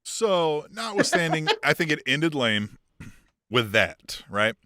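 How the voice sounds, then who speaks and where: A man co-hosting a casual wrestling podcast, talking in a profane, animated way and laughing often as he goes. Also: a little high, slow, no room sound, clean studio sound. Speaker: podcast co-host.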